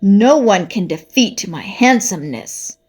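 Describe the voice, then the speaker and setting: A woman's voice: mid-range voice, animated, measured pace, darkish tone, husky. Woman playing a pompous bellowing luchador champ. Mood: boastful. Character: vain boastful male luchador champion.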